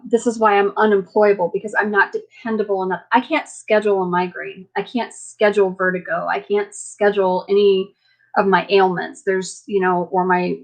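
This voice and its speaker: A woman hosting a casual live chat, talking in an earnest, halting way and often circling back on herself. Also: medium pitch, creaky, poor audio. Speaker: livestream host.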